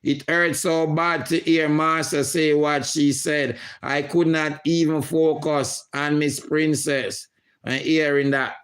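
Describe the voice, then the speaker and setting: Guy on a livestream reading comments, talks slow, kinda high smooth voice. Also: flat delivery, a bit bright. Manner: slow, emotional, reads comments aloud. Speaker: livestream host.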